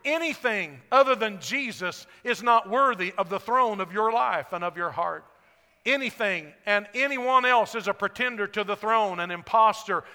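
A man pastor preaching a sermon to a congregation, building to loud shouted lines and then dropping his voice. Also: sits high, animated, moderate pace. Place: church sanctuary. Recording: echoey hall.

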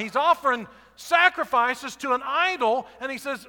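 A male preacher telling a Bible story in a conversational, animated way, full of rhetorical asides. His voice is high and bright. The sound rings with a long reverb, as in a large hall. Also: unhurried. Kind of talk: sermon.

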